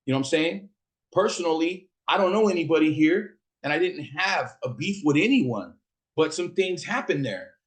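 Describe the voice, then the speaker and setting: A middle-aged man from Fresno, California, telling a personal story in a casual, profane monologue, acting out the voices of the people he quotes. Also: fairly high pitch.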